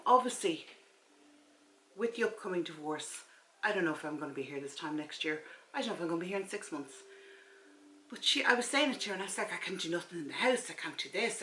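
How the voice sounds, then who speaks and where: An Irish woman in her forties vlogs from the front room of her house, chatting casually to camera and retelling a conversation with a friend while acting out the friend's replies. Her voice is fairly low with a sharp tone. The camera mic gives a low-quality recording with a little hiss or hum.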